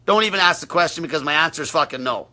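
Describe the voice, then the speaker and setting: A man's voice: on the high side, expressive, fast talker, sharp tone. A man coaching on a livestream, answering viewer questions in a brash, blunt, profane way.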